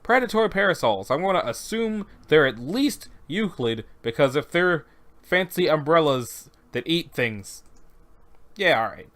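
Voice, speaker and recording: A man reading horror fiction aloud, deadpan, with sarcastic asides and quick self-corrections. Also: fairly high pitch.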